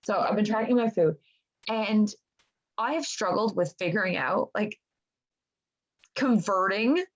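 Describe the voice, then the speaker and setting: A woman co-hosting a casual podcast chat, animated and cursing often, full of "like" and restarts, on dull lo-fi audio. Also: medium pitch, a little slow. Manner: animated, swears often, lots of "like". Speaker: podcast co-host.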